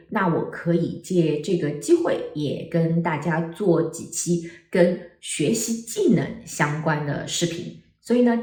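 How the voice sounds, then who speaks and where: Lively woman teaching Mandarin tones. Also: lowish voice, echoey room, distant mic. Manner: animated, exaggerated tone demonstrations. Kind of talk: online language lesson.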